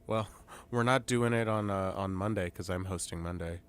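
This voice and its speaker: A man co-hosting a podcast, chatting casually and jokingly, drifting between loud bursts and quiet mumbled asides. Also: sits low, moderate pace, smooth. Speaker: podcast co-host. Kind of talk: casual chat.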